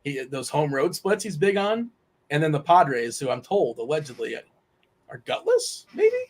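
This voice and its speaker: Playful man hosting, slightly higher voice. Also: very animated, normal speed. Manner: playful, teasing, rattles off lineups. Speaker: host. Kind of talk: casual sports betting chat.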